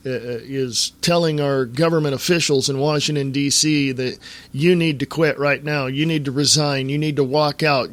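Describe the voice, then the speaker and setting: A man hosting a political podcast, delivering a fiery, ranting monologue straight to his listeners. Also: mid-range voice. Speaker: podcast host. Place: Reno, Nevada area.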